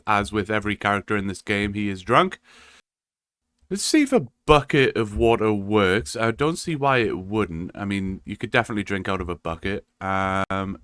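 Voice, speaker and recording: A man's voice: on the low side, fairly bright tone, smooth, no echo. Wry man doing dry gameplay commentary. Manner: casual, wry, explanatory. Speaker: gaming video creator.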